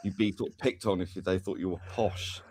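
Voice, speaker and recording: A man's voice: sits low, steady tone, a little fast, darkish tone, slight background noise. A man from London with a southern English accent close to RP, chatting as a guest and laughing easily. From England, London. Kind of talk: casual chat.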